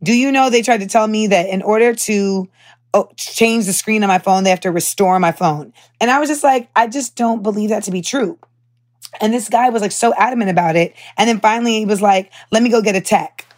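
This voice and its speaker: A young woman hosting a podcast, telling a story in a candid, animated way with lots of fillers and swearing. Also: mid-range voice, fairly quick. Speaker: podcast host. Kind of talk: casual chat.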